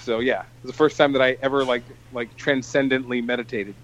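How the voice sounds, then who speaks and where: A man co-hosting a podcast, telling a long story in an animated, swearing casual chat. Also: mid-range voice, quick pace, dull audio, a little hiss or hum. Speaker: podcast co-host.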